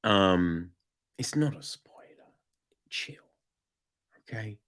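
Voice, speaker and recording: Male podcast reviewer, unhurried and expressive, rambling rants full of profanity. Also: fairly low pitch. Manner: animated, profane, rambling, with sudden loud outbursts. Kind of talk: casual film review monologue.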